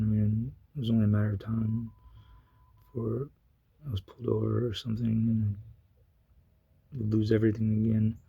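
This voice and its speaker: Gravelly husky man telling a story. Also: lowish voice, warm tone, no room sound, muffled recording. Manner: rambling with many fillers and restarts. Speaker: vlogger. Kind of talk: casual storytelling.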